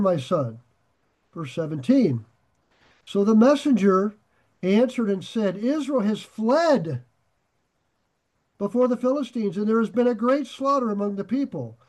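A man with a high voice leads a verse-by-verse Bible study. He reads scripture aloud and then drifts into friendly, animated asides, getting lit up and loud when excited. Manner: animated, gets excited and raises his voice. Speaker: Bible teacher.

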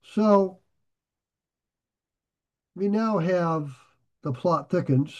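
This man teaches the Bible verse by verse, reading passages aloud and wandering into casual asides. His voice sits high and he draws out his words, growing excited and loud easily, and the audio sounds dull.

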